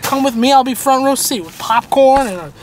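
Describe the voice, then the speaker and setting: A man's voice: extremely high pitch, lively intonation, fairly quick. A young man in his early twenties hosting a casual shopping vlog, joking and rambling playfully while browsing a big store. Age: 20s. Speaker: vlog host.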